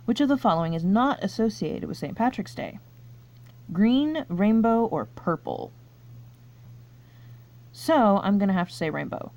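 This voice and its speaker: A woman's voice: mid-range voice, sing-song, a little slow, long pauses, a little mellow. A woman reading quiz questions aloud and thinking through her answers in casual, chatty commentary, laughing often. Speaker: YouTuber taking online quizzes.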